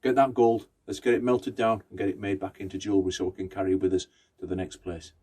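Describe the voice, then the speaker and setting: A man voicing a brisk old grandmother who gives orders to her family, in a told folk tale. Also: low voice, flat delivery, a little mellow, slightly rough. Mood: commanding. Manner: brisk, commanding.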